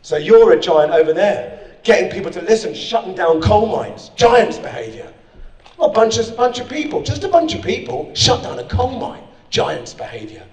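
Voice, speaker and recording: Male keynote speaker, rousing and direct, slightly high voice, recorded from across a reverberant hall. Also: normal speed, recorded from a distance. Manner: energetic, rousing, direct to the audience. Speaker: conference speaker. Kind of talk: motivational speech. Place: conference hall. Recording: echoey hall, speaker off-mic.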